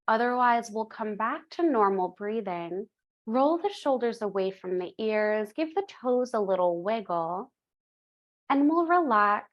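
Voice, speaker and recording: Slow, calm woman guiding yoga breath. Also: mid-range voice, dull audio. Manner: slow, calm, gently instructive. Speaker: yoga teacher. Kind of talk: guided yoga breathing instruction.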